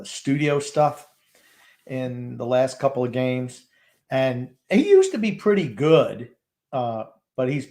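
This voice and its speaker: An older New York man co-hosting a sports podcast, gruff and blunt as he offers his opinions. He speaks at an ordinary middle pitch, plainly and without fuss. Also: mellow. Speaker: podcast co-host. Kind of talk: live game watchalong chat.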